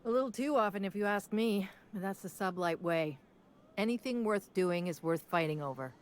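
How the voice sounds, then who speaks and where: A woman's voice: medium pitch, lively intonation, normal speed, close to an everyday voice. An actress voicing a stern, weary female tavern keeper in a video game, firm and motherly.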